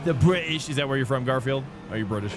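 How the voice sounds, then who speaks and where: A man's voice: medium pitch, steady tone, very fast, noisy background. A young man streaming a sim race from home, chatting casually and laid-back, calling his viewers dude and boys. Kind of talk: casual chat while live-streaming a race.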